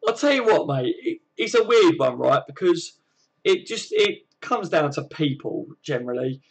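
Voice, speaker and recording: Brief: southern English male host, slightly higher pitch, easygoing matey banter on a live stream. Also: very animated, normal speed, gravelly, husky. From southern England. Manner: chatty, matey banter with frequent fillers. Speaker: channel host reading live chat. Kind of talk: casual live-stream chat.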